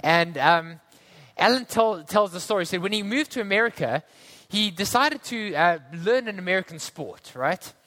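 Bright high-voiced preacher. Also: male voice, animated, moderate pace. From South Africa. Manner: earnest storytelling with conversational asides. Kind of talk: sermon.

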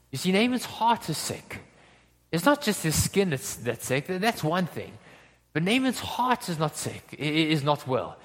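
A man's voice: on the high side, fairly bright tone. A man preaching a sermon in a conversational way, often checking in with his listeners. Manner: conversational, checks in with "okay?" and "right?". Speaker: pastor. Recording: long hall reverb.

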